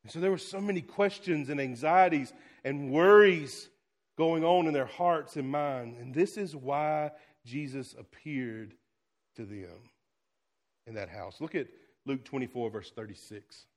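A male pastor preaching a sermon, swinging between loud exclamations and hushed, quiet lines. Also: medium pitch, unhurried.

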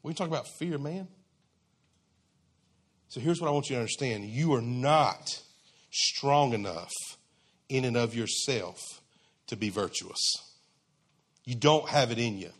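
A man's voice: medium pitch, lively intonation, unhurried, pauses often, husky. A man preaching a sermon in a conversational, emphatic, folksy way.

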